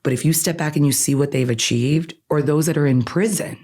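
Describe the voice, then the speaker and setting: A woman's voice: deep voice, fairly quick. Earnest woman guest who keeps saying "right?". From Iran. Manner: earnest, animated, says "right?" constantly. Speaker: attorney and podcast guest. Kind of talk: conversational interview.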